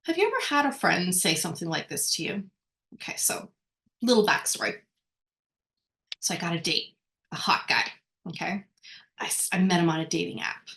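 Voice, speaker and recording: A woman leads a workshop lesson in an informal, conversational way, rambling, often checking in with "right?", and correcting herself frequently. Her fairly low voice is animated and fairly bright, moving at a moderate pace with frequent pauses.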